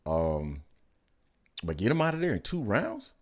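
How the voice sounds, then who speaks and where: A man hosting a boxing podcast in casual chat, joking loudly at times and dropping to calm analysis at others. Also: a little slow. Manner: excitable, swings from loud joking to low calm analysis. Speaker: podcast host.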